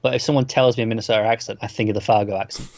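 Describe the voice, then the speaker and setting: A man co-hosting a movie discussion podcast, offering quick, wry, opinionated takes in casual chat. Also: on the low side, steady tone, vocal fry, darkish tone. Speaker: co-host of a movie discussion show. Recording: slightly dull, lo-fi sound.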